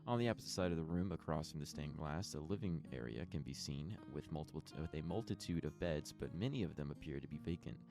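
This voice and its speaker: Deep-voiced game master narrating a tabletop scene, casual, filler-heavy. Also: male voice, expressive, fast, few pauses, music in the background. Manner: descriptive scene-setting with frequent fillers.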